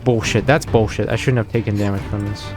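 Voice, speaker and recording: A man's voice: on the low side, steady tone, fast, over music. A man streaming a video game, swearing constantly and sarcastic as he grows more and more exasperated. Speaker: gaming streamer. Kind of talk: frustrated gameplay commentary.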